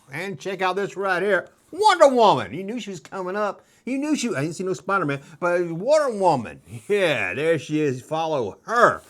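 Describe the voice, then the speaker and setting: A man's voice: high voice, very animated, normal speed, fairly bright tone. A middle-aged man hosting a casual show-and-tell vlog, rambling with jokes and nostalgic asides. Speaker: toy collector host.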